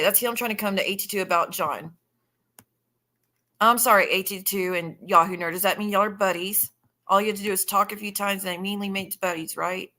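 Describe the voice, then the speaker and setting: A woman livestreamer hosts a casual stream, swearing freely and speaking bluntly while she scrolls through the chat and thanks viewers. Her mid-range voice is steady, bright, and forceful, and she talks a little fast.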